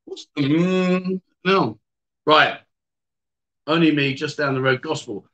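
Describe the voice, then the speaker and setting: Man, livestream host, chatty, teasing jokes, a bit high-pitched. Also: takes it slowly, fairly bright tone, dull audio. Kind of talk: casual chat reading viewer comments. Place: bar or venue indoors.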